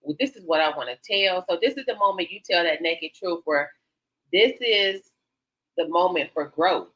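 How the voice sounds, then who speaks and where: A woman's voice: fairly low pitch, lively intonation, normal speed, a bit bright. An older woman hosting a radio talk show, speaking frankly and animatedly, acting out quotes as she tells stories. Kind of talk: candid casual talk show conversation. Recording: slightly dull lo-fi sound.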